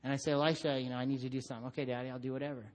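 A middle-aged man preaching a sermon, telling stories about his son and acting out voices. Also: rapid-fire. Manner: animated storytelling, acts out his son in a high voice. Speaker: pastor.

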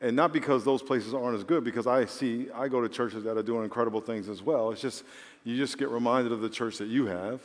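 A man pastor preaches to his congregation in a relaxed, storytelling way that builds to emphatic declarations. His voice sits at a middle pitch for a man. The sound carries a long hall reverb from the big church room. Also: fairly quick. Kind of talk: sermon.

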